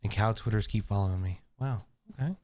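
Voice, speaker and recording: A man's voice: on the low side, fast, darkish tone, a little hiss or hum. A man live-streaming from a room at home, chatting playfully with his viewers and his cat. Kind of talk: casual live-stream chat.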